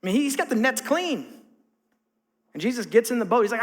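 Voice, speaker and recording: A man's voice: very high voice, animated, brisk. A male pastor preaching a sermon in a conversational way, stressing points by repeating them. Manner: conversational, emphatic repetition. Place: church sanctuary. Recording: long reverb of a church hall.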